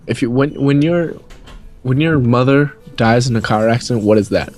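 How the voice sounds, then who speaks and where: A man's voice: medium pitch, moderate pace, darkish tone, soft background music. A young man from New England in a casual storytime chat, rambling and swearing as he rants. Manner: rambling, profane, ranting. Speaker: co-host.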